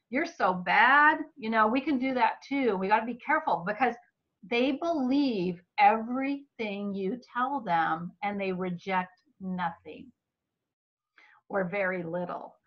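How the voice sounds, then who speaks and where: A woman giving a Bible-based teaching talk about children's minds, earnest and expressive. Her voice is slightly hoarse from talking a lot. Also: a little high. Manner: earnest and expressive, acting out what parents say to children. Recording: dull lo-fi recording.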